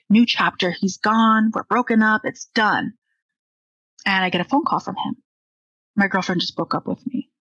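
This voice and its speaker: A woman's voice: medium pitch, a bit bright, slightly rough, dry recording, highs cut off. A young woman candidly telling a personal story, acting out the dialogue she quotes.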